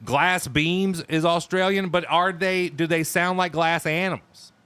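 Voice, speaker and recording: A man's voice: a little high, fairly even intonation, a little slow, pushed and bright, clear, resonant tone, no echo. An American man in a band chatting casually on a stream, rambling with lots of fillers and restarts. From United States. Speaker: band member co-hosting a stream chat. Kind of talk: casual chat.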